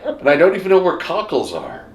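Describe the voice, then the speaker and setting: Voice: medium pitch, huge pitch swings, a little fast, darkish tone. A co-host in a casual group discussion, playful and teasing, given to mock-dramatic asides. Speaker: podcast co-host. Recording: roomy echo with faint background hum.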